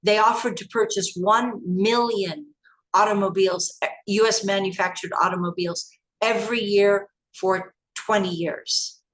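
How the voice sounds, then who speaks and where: A woman from the United States, an interview guest, telling past events in an animated, emphatic way with many restarts. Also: mid-range voice, normal speed, poor audio.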